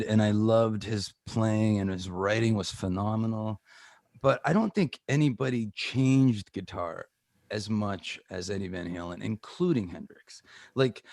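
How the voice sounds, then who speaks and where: Canadian man, middle-aged, guest in a casual chat; low-ish voice, animated storyteller, dry close sound. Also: gravelly, dry recording. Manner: animated storyteller who acts out quoted voices. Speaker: guest guitarist.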